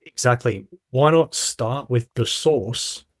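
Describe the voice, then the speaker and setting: Male guest, middle-aged, emphatic storyteller, mid pitch, dry sound. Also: dry recording. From Australia. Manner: emphatic storyteller, quick rhetorical questions. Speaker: podcast guest. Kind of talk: casual podcast conversation.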